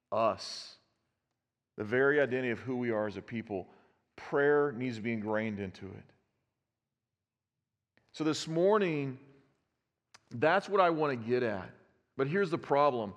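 A man's voice: mid-range voice, lively intonation, measured pace, long pauses. A man, preaching a conversational sermon and putting questions to his congregation. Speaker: pastor. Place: church sanctuary. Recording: long reverb of a church hall.

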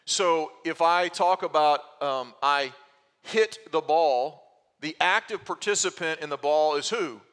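Bright-voiced preacher man in an echoing hall. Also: a little high, smooth. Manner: teaching, explains slowly with restarts and rhetorical questions. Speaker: pastor. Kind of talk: expository sermon.

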